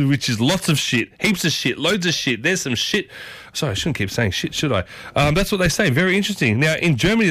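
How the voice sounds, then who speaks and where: Male radio host, chatty and enthusiastic, mid-pitched, dry close mic. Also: lively intonation, fairly quick, a bit bright, no echo. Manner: chatty, enthusiastic, repeats phrases. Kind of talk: casual radio talk.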